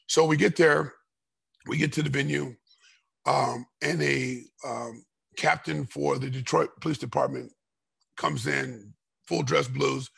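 Gravelly, breathy man telling a rambling story. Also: medium pitch, fairly even intonation, measured pace. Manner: rambling, restarts a lot, gets loud and heated telling the story. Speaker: guest, former fighter. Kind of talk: storytelling interview. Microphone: podcast microphone.

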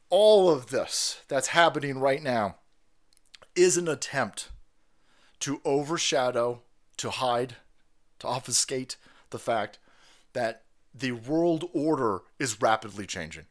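A man hosting a show, ranting about politics in a loud, profane, animated way, breaking into laughter between points. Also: medium pitch. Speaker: podcast host.

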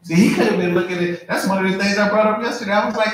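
A middle-aged male pastor preaching in a lively, conversational way with humor. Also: sits high, quick pace, few pauses. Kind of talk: sermon. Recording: echoey church hall.

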